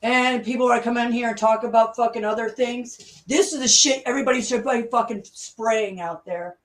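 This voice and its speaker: At a moderate pace and in a fairly high voice, this woman, a conspiracy vlogger, rants in fury. Profanity pours out nonstop, and she circles back to the same points over and over.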